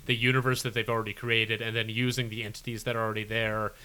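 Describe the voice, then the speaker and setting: A man's voice: fairly low pitch, level tone, fast, sharp tone, smooth. A man co-hosting a podcast in casual chat, enthusiastic with lots of "like". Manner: enthusiastic, filler-heavy. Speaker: podcast co-host.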